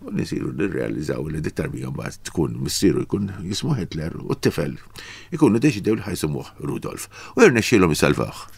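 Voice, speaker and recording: A man with a Maltese accent, hosting a chatty, animated interview. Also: rumbling low, fast talker, vocal fry, slightly rough, dry recording. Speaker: host. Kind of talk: casual interview chat.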